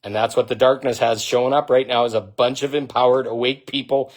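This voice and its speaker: A man talking straight to camera in a spiritual monologue, blunt and profane, swinging between loud outbursts and low, intense delivery. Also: steady tone, fairly quick. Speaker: spiritual vlogger.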